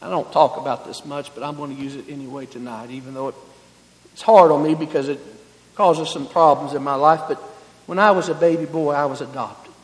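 High-voiced preacher in a reverberant hall. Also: male voice, steady tone, fairly quick. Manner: preaching with swelling emphasis, then dropping to soft intimate tones. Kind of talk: sermon.

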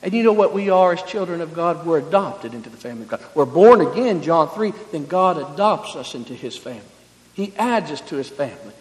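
A man preaching a sermon, rising to loud emphatic passages and falling to quiet, close tones. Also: a little high, animated, fairly quick. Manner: preaching with swelling emphasis, then dropping to soft intimate tones. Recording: long hall reverb.

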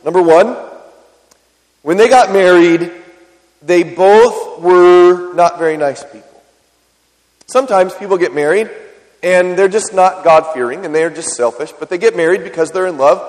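A man's voice: high-pitched, darkish tone, big-room sound, poor audio. A man preaching a sermon in a conversational way, often asking his congregation questions. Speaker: pastor.

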